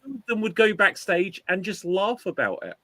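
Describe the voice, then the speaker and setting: Guy cohosting a chat show, bright voice, animated storyteller, dry close sound. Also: high voice, normal speed, no echo. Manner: animated storyteller, acts out quotes. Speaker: podcast co-host. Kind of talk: casual chat.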